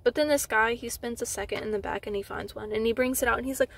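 A young woman telling a storytime vlog from inside a car. She retells it in an animated way, fills her talk with "like" and acts out what others said. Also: a little high, quick pace, creaky, hardly any pauses, a little hiss or hum. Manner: animated retelling with frequent "like" fillers, acting out others' lines. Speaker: vlogger.

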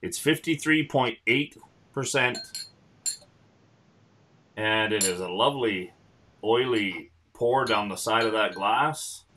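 A man's voice: fairly low pitch, slow pace, pauses often, pushed and bright. A man hosting a casual online tasting chat, joking and reading out viewer comments. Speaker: host.

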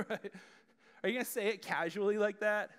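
A man's voice: sits high, normal speed, fairly bright tone, clear, resonant tone. A man preaching a youth sermon, talking conversationally and addressing the room directly. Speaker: youth pastor.

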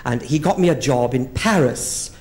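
A man's voice: mid-range voice, expressive, moderate pace, darkish tone. A man performing a bawdy stand-up monologue in drag character on a live theatre stage. He tells camp stories and swoops into quoted voices. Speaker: drag comedian.

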